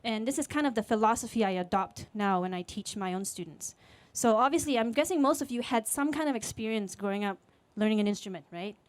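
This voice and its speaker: A Singaporean music teacher in her late 20s tells a personal story on stage before a live audience at a storytelling event. Her slightly high voice moves fairly quickly with hardly any pauses, and the recording is dry. She's candid and chatty, using fillers and voiced quotes.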